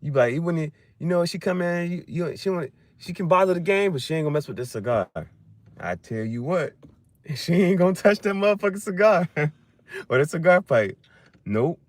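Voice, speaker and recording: Guy rambling on a stream, keeps laughing, swears a lot, voice jumps all over, kinda high. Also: expressive, a little fast, dry recording. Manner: laughs often, profane slangy banter. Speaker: livestream host. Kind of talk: casual rambling chat.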